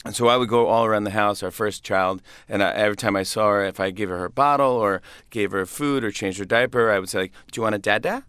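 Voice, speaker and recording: A man's voice: fairly low pitch, fast talker, hardly any pauses, a bit bright, smooth, no room sound. A man, a comedian guest, chatting casually in an interview, laughing often and restarting his sentences.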